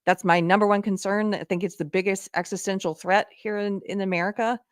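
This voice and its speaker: A woman's voice: mid-range voice, fairly even intonation, brisk, dry recording. Impassioned woman host, dry sound. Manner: impassioned, rising to exasperated outbursts. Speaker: show host. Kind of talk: live online commentary.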